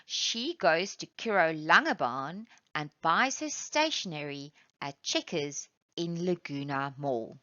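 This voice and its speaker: A woman teacher from South Africa giving a lesson, patiently explaining step by step and reading examples aloud slowly. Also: low voice, lively intonation, sharp tone, no room sound. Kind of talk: classroom lesson. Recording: dull, lo-fi sound.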